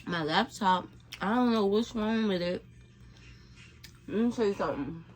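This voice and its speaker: This woman's mid-range voice, carrying a little hiss or hum, moves at a normal speed. She's a mukbang vlogger, chatting to camera in a rambling, laid-back way while she eats.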